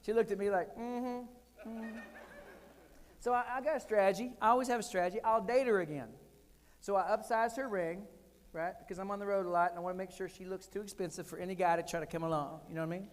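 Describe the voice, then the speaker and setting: A fairly high-pitched man in his forties delivers a keynote, spinning comic stories with animated swings and loud punchlines. His voice rings out with the long reverb of a large hall. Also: very fast. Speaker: keynote speaker. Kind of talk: storytelling keynote speech.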